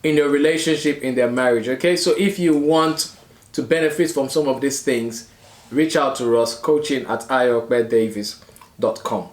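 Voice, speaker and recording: In a mid-range voice at a normal pace, a relationship and marriage coach in his thirties co-hosts a relaxed mukbang chat. He speaks earnestly, a bit preachily, and checks in with viewers, all captured with noticeable reverb.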